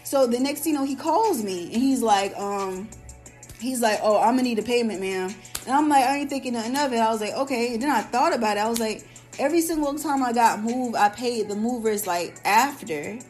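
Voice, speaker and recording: Animated, high-voiced woman telling a story. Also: a little fast, soft background music. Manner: animated, profane, acts out quoted lines. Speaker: podcast host. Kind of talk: casual storytelling rant.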